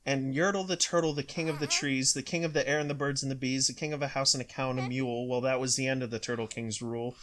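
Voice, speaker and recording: A man, a father, reading a rhyming picture book aloud with a steady rhythm. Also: mid-range voice, fast, few pauses, a little hiss or hum.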